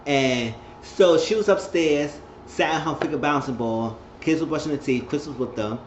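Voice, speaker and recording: Chatty man recapping with roomy lo-fi sound. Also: moderate pace. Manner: chatty, laughs often, acts out cast members in high squeals. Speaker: reality show recapper. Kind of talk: casual recap vlog. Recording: roomy, dull lo-fi sound with faint noise.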